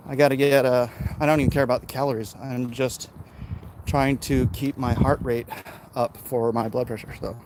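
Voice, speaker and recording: A man's voice: medium pitch, level tone, moderate pace. A man hosting a casual livestream while walking outdoors, reading viewer comments aloud and chatting back, winded from the uphill climb. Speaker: livestream host. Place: outdoors on a city street. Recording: outdoor street noise behind.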